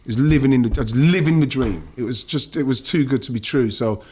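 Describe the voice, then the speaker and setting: On a podcast, a middle-aged English ex-footballer shares an emotional personal story with animation, swearing and stumbling over restarts when it gets to him. His voice is husky and medium in pitch, and he talks fast.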